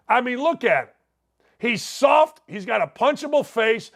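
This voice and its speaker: A middle-aged man from Indiana hosting a sports talk show, telling a story in a brash, loud, jokey way. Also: very high voice, lively intonation, vocal fry. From Indiana, USA. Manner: loud, fast-talking, brash, jokey asides. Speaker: sports talk radio host. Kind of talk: animated storytelling monologue.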